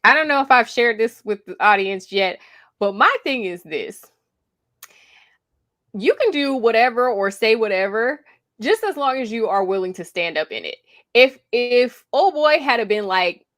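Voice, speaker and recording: A woman's voice: fairly high pitch, lively intonation, a bit bright. Opinionated woman podcast co-host. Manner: opinionated, drawn-out storytelling with mimicked quotes. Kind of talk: casual reality TV recap chat.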